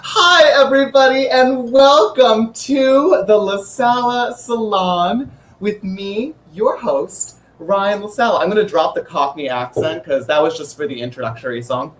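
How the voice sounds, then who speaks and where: A man's voice: high voice, a little slow, fairly bright tone, a little hiss or hum. A man hosting an online author event, talking in a bubbly, playful, chatty way over a video call. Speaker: host. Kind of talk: livestream hosting. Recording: roomy echo with faint music.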